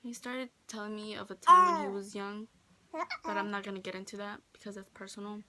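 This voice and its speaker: A woman's voice: mid-range voice, brisk, bright, forceful tone. A teenage girl telling a personal story in a casual vlog, chatty and full of "like", quoting others in her own voice. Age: teens. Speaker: vlogger. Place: friend's bedroom.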